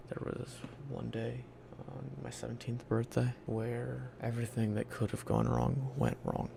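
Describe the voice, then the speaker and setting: A man's voice: mid-range voice, creaky, darkish tone, a little hiss or hum. A young man from Virginia casually telling his life story in a blunt, profane, candid way, acting out what people said to him. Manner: blunt, profane, candid, acts out quoted lines.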